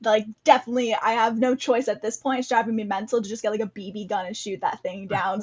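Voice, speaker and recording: A woman's voice: on the high side, flat delivery, fast talker, few pauses. A woman hosting a casual video interview, chatty and laughing often. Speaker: interview host.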